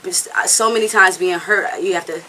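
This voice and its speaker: This is a singer in a candid, casual interview, talking at a moderate pace in a bright, forceful voice on the low side. Slight background noise and rough recording quality are present. She's earnest, blunt, and occasionally profane, rambling and checking in often with "you know what I'm saying."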